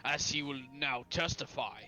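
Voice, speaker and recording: A man's voice: mid-range voice, normal speed, bright, forceful tone, soft background music, low-quality recording. A man on a casual live game stream who reads character lines aloud in a playful way and laughs often. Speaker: streamer reading game dialogue.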